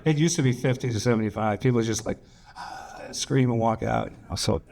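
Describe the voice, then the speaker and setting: A man's voice: medium pitch, moderate pace, vocal fry, darkish tone. An older man, a guest actor at a screening Q&A, telling loose, profane, laughing anecdotes on a cinema stage. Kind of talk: rambling anecdotal storytelling. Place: cinema stage before a live audience.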